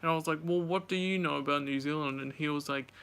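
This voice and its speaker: Young male vlogger, casual storytelling, fairly high, bright and clear voice. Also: fairly even intonation, quick pace. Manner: chatty, swears, retells dialogue animatedly.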